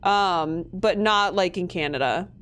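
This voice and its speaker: A woman's voice: on the low side, a little slow, a bit bright. A young woman from Minnesota giving casual gameplay commentary, chatty, swearing freely and laughing often. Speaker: streamer.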